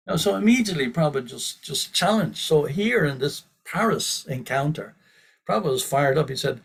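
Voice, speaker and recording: A man giving a scripture class as a sermon, telling stories in an animated way and often restarting his sentences. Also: mid-range voice, fairly quick, creaky, husky. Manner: animated, quotes with rising force, frequent restarts. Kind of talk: sermon with storytelling.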